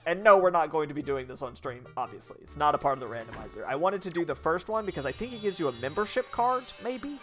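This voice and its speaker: A man streaming a video game, chatting casually in a rambling, blunt way and swearing freely. His voice sits fairly high for a man. Faint game music runs underneath. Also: animated, quick pace, few pauses, fairly bright tone. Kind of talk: casual gameplay commentary.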